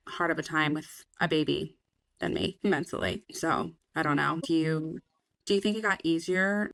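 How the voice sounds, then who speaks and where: A young woman speaks in a frank, unfiltered way on a podcast, swearing often and acting out her own past thoughts. Her voice sits low and has a gravelly fry to it. The sound is dry and close, with no room echo. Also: normal speed, fairly bright tone. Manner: frank, swears freely, quotes herself in voices. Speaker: podcast co-host. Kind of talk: candid casual chat.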